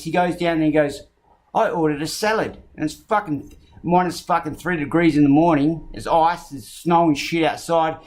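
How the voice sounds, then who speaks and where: 愤怒爆粗口的澳洲口音男人. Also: male voice, fairly high pitch, a little mellow. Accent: Australian. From Australia. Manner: angry, profane and mocking. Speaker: video commentator reacting to a clip. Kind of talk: ranting reaction commentary.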